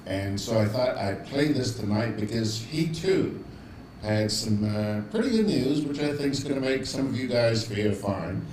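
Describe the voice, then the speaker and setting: A man hosts in an easygoing, unhurried way, reading viewer greetings one by one and laughing softly between them. His speech is slow and loose, and the echo of a roomy space surrounds the voice with a faint hum behind it. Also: medium pitch, far from the mic. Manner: chuckling, relaxed, chatty. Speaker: show host. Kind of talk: casual live-stream chat, reading viewer comments.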